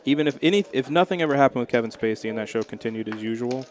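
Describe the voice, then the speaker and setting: A man's voice: mid-range voice, lively intonation, rapid-fire. A man co-commentating a live poker game in a casual, analytical, conversational way.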